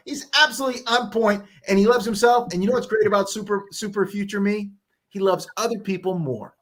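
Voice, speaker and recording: High-voiced energetic motivational man. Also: moderate pace. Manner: energetic, emphatic, acts out voices. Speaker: podcast guest. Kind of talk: motivational storytelling.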